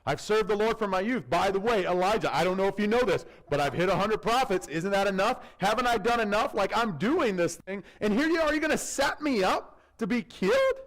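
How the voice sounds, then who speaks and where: Pastor doing a jittery scared servant guy, voice jumps way up high, loud and pleading. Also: sing-song, a little fast, hardly any pauses. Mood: indignant pleading. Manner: pleading, indignant, high-strung. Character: anxious frightened male royal servant, defensive.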